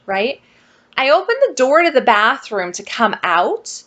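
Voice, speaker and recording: A woman telling a personal story to her viewers in a casual vlog, animated and exasperated. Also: fairly high pitch, unhurried. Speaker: vlogger.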